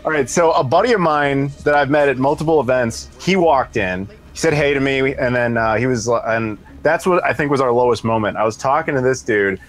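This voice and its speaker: Male podcast co-host, quick storyteller, average pitch, chatty. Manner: animated, acts out others' voices. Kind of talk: casual storytelling chat.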